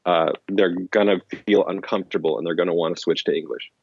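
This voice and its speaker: A man's voice: sits low, fairly even intonation, fast talker, creaky, husky, no room sound, dull audio. A man as an interview guest, explaining in casual rambling talk full of restarts and fillers. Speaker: interview guest, language-learning author.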